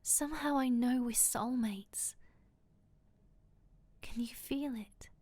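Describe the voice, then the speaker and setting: A woman voicing a mysterious, fragile young woman in a soft whispered role-play. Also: high-pitched, slow, no room sound, pitched above the performer's own voice. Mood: tender.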